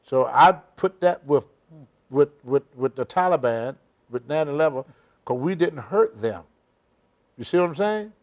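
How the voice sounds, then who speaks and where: A man's voice: fairly high pitch, animated, measured pace. Older man telling rambling wrestling stories. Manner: rambling, emphatic storytelling with dropped grammar. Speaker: interview guest. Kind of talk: shoot interview storytelling.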